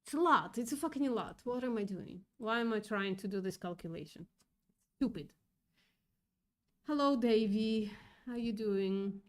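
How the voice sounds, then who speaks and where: Slow-talking upset woman streamer. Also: medium pitch, animated. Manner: upset, swears often, thinks aloud. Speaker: livestream host reading chat. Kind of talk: casual livestream commentary.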